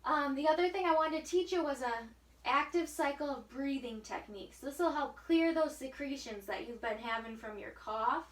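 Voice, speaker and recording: A high-voiced woman works as a physical therapist at a hospital bedside. She patiently guides a patient through breathing drills and counts each breath in an encouraging way. She sounds far off in an echoey room, with faint hiss behind her. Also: normal speed. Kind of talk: coaching a patient through exercises.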